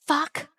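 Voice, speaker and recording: A woman co-hosting a casual gaming livestream, laughing loudly, swearing freely and teasing her partner in mock anger. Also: high voice. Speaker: streamer and co-host. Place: home streaming setup.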